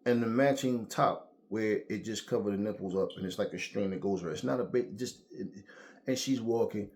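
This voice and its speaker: A man with a lowish voice rants casually to his viewers. He tells stories in a loose, profane way, full of slang and lively asides. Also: fairly quick. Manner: profane, animated storytelling with slang. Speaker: boxing commentator. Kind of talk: casual rant to camera.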